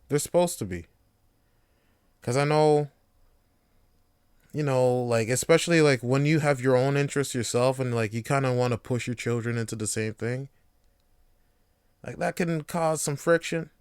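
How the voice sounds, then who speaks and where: A man's voice: medium pitch, clean tone, no echo, clean studio sound. A young man hosting a casual solo podcast, loose and rambling, swearing freely. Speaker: podcast host.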